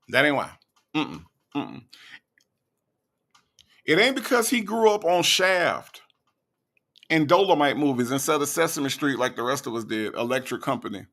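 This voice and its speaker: Man, gravelly voice, sarcastic reaction commentary, slow mocking delivery. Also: fairly high pitch, sharp tone. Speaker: commentary host.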